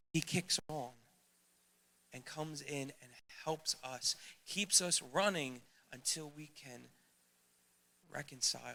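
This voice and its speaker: Middle aged guy youth pastor sermon, kinda high voice, talking right at the kids. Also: bright, forceful tone. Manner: earnest, emphatic, addresses the youth directly.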